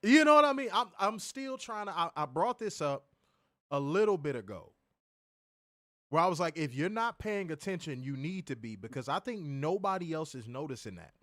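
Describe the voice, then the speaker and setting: Casual profane male podcast co-host, lively up-and-down delivery, dry close mic, joking and teasing. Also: fairly high pitch, normal speed, dry recording. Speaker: wrestling show co-host.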